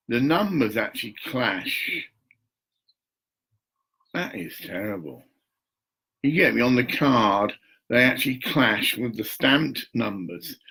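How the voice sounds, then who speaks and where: A man's voice: medium pitch, creaky, fairly bright tone, breathy edge, low-quality recording. An older man, rambling and muttering to himself at home while talking to camera, swearing now and then. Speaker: vlogger.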